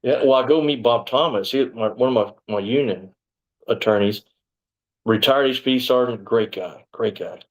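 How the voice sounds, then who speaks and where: A man's voice: mid-range voice, normal speed, low-quality recording. A middle-aged man, a former sheriff's deputy, recounting events in a casual interview, rambling and acting out the dialogue. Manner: rambling, animated retelling with quoted dialogue.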